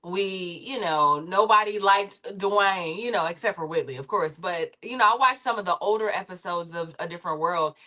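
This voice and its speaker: A woman's voice: on the low side, normal speed, hardly any pauses, bright, forceful tone. A woman on a discussion panel, a former reality TV producer, talking in a rambling, conversational way. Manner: rambling and conversational, with many fillers and restarts.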